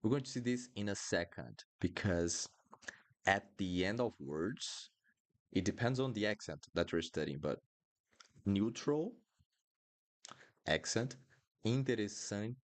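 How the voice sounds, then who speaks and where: A man's voice: fairly low pitch, lively intonation, measured pace, pauses often. A man teaching pronunciation in a live online lesson, patiently repeating words and sounds. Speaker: Portuguese teacher. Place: home studio, livestream.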